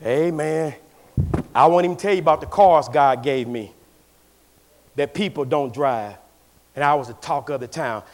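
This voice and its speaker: A man preaching a sermon as pastor in a church, swinging between shouted lines and hushed asides. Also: a little high, normal speed, long pauses.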